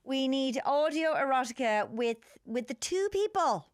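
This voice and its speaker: A woman's voice: high-pitched, animated, unhurried, clean tone, no room sound, clean studio sound. A woman with an Irish accent hosting a podcast in casual chat, with frequent restarts and laughs. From Ireland. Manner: chatty, laughing, trailing restarts. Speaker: podcast host.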